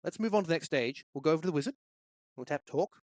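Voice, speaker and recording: A man's voice: fairly high pitch, expressive, fast, no room sound. A man walking through a game development tutorial, explaining each step steadily into a close microphone. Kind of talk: screen-recorded tutorial.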